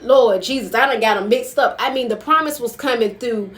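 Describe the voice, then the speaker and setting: A woman preaches in a casual, conversational sermon, her voice sitting a little high. She hammers her points home by saying them again and again, and she keeps turning to the listeners with folksy asides. The delivery is emphatic and personal, more like talking to friends than reading from a pulpit. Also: fairly quick. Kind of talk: informal sermon.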